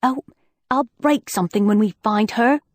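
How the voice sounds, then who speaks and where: A woman narrator puts on a brash teenage schoolgirl with a British accent, her voice pitched a little lower than the narration. Blunt and tough-talking, recorded close and dry. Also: normal speed, no echo, lightly acted. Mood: angry. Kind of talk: audiobook character voice.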